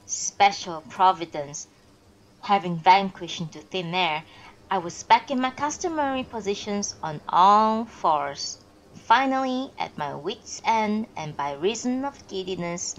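Woman narrator for a live-streamed audiobook, expressive, occasional restarts, mid pitch. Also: a little hiss or hum, rough recording. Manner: expressive reading with pauses and self-corrections.

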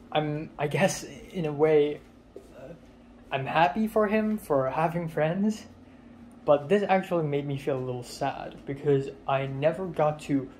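A man's voice: fairly high pitch, darkish tone, a little hiss or hum, low-quality recording. A young man from Hong Kong vlogging casually at home in his kitchen, rambling and self-deprecating with lots of fillers. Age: young adult. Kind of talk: casual vlog talk.

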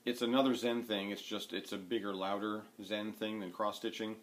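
Guy rambling on his craft vlog at home, lots of uhs and ums, kinda low voice. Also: little pitch movement, moderate pace, slight background noise. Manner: rambling, many fillers and restarts. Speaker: needlework vlogger. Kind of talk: casual rambling chat to camera. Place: at home, sitting indoors.

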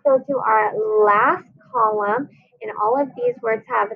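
Lady teacher doing a kids phonics lesson, slow and singsongy, kinda husky, tinny phone-ish sound. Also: on the high side, lively intonation. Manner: slow, clear, sing-song teacher voice.

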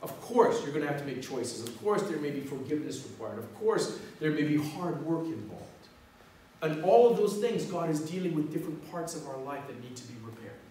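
A man's voice: on the high side, expressive, a little fast, a little hiss or hum. Emphatic preacher man in an echoey church. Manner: emphatic preaching, swinging from loud exhortation to quiet prayer. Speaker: pastor. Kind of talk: sermon. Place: church sanctuary. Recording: echoey hall, mic from far off.

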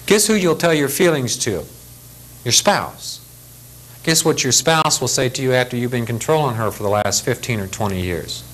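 A man's voice: medium pitch, expressive, moderate pace, fairly bright tone, rough recording. An older man delivers a safety lecture to pilots in a blunt, folksy way. He speaks plainly and acts out the people he quotes. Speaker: aviation safety instructor. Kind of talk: lecture briefing.

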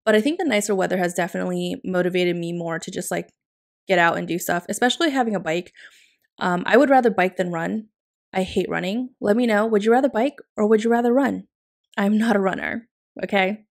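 In a casual voice-over, a woman vlogger talks about decorating her planner, her medium-pitched voice a little creaky. Her mood is upbeat, and laughter comes quickly.

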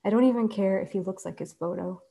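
Woman doing her nervous hopeful mom getting ready for a date, mid pitch. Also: fast, vocal fry, dark tone, lightly acted. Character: hopeful anxious middle-aged mother before a date.

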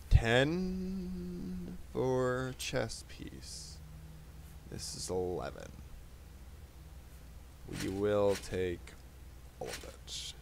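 A man narrating his gameplay in a casual, chatty way, cursing freely and thinking out loud. His pitch moves around a lot as he reacts. A faint hiss sits in the background. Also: creaky. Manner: loose, profane, chatty. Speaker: let's play host.

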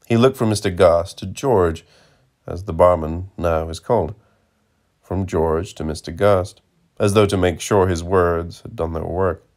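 A man narrating a literary audiobook in a measured, deadpan way. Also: deep voice. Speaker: audiobook reader.

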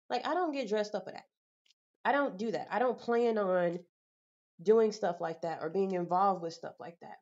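Young adult woman, blunt and exasperated, slangy vlog rant, mid-pitched voice, slightly dull lo-fi recording. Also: darkish tone. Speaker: vlogger. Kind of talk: candid vlog monologue.

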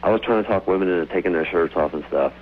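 A man calling in to a radio show, telling rambling, excited stories over the phone. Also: sits low, very fast, a little hiss or hum. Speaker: caller. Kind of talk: casual phone-in storytelling. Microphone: telephone. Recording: tinny phone line.

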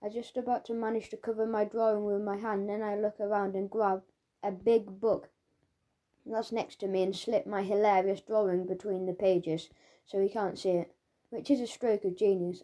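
Recorded on a studio mic, a woman narrates a children's audiobook in first person as a schoolboy. Her storytelling is lively, her voice sits in the mid range, and she keeps a normal speed.

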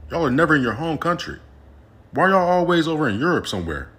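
A man's voice: fairly high pitch, big pitch swings, fast, fairly bright tone. A man giving a sassy, scolding reply in a casual rant.

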